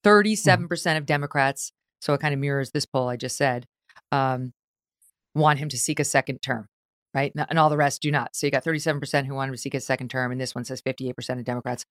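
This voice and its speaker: A woman's voice: very deep voice, fast talker, no echo, studio quality. A woman hosting a podcast, talking casually about politics and mocking the people she quotes. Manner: animated, mocking quoted voices. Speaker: podcast host.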